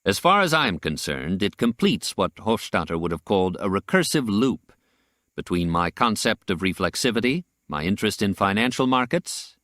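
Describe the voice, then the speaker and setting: A man narrating a nonfiction audiobook in a measured, deliberate reading style. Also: lowish voice, very animated, a bit bright, no room sound, studio quality.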